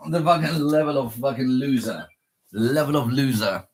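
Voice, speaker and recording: A man chatting alone to his camera in a rambling, self-mocking way, drifting between giggles and low mutters. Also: a little slow, a bit bright, a little hiss or hum. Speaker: vlogger. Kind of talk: rambling solo chat to camera.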